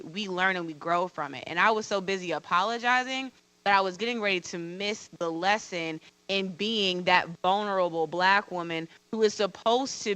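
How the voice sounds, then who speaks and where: A woman's voice: medium pitch, pushed and bright, no room sound, rough recording. A woman who teaches veterinary students, telling a personal story to an audience in a candid, self-deprecating way with emphatic repetition. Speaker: veterinarian and college teacher on a panel.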